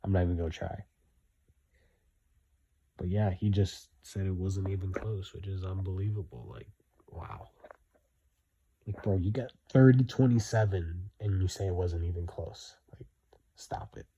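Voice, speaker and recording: A man's voice: low-pitched, measured pace, long pauses, mellow, highs cut off, slight background noise. A young man giving blunt, repetitive opinion commentary, hammering his points home.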